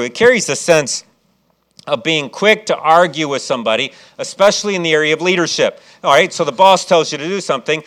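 A man's voice: a little high, a bit bright. A man from Chicago preaching a sermon as pastor, with folksy asides and frequent restarts.

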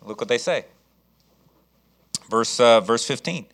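A man preaching a sermon, reading scripture and acting out the people in the story with lively, shifting delivery. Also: mid-range voice, takes it slowly. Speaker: pastor.

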